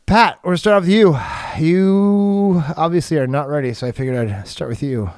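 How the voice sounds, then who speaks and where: A man's voice: on the high side, fairly quick, a little mellow, clean tone, no room sound, clean studio sound. A man co-hosting a film podcast, rambling casually with lots of fillers and chuckles. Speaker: podcast co-host. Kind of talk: casual chat.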